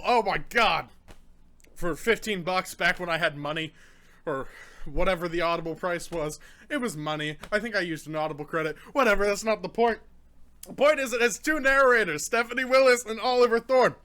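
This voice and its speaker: A young man with a high, bright voice talks through a casual book review while suffering from a hot pepper. He rambles and groans, stopping to swear and cough between points.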